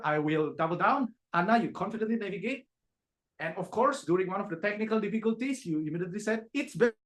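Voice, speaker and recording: A man's voice: sits high, a bit bright. A man coaching and evaluating speakers in a meeting over a video call, direct and demonstrative, acting out examples.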